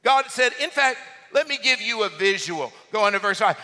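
Male pastor, high and very bright voice, animated sermon delivery, long hall reverb. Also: moderate pace. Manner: animated preaching, rising to near-shouts.

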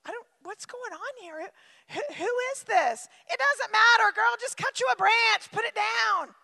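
Woman doing a clueless bubbly crowd girl, super high and sharp, big hall echo. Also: unhurried, gravelly, full character voice. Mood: giddy.

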